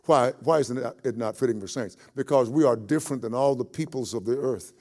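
A male pastor delivers a sermon at a mid pitch. His delivery is folksy and homespun, and he repeats short phrases to drive his points home. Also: brisk, darkish tone.

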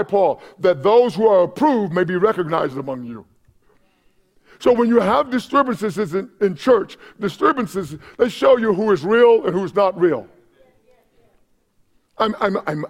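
A man preaching a sermon as pastor of a church, impassioned, with shouted peaks and repeated words. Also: sits high. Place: church sanctuary.

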